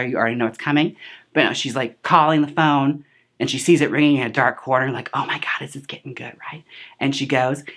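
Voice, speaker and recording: A woman's voice: extremely low pitch, fairly bright tone. A woman hosting a casual movie recap, chatty and sassy, full of filler words and side remarks. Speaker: host reviewing a film.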